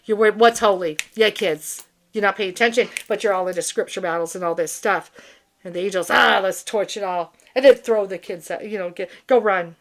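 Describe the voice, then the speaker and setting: A woman hosts her spiritual channel in a loose, unscripted monologue, her voice sitting at a middling pitch. She rambles bluntly, swears freely and keeps restarting her sentences. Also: a little fast.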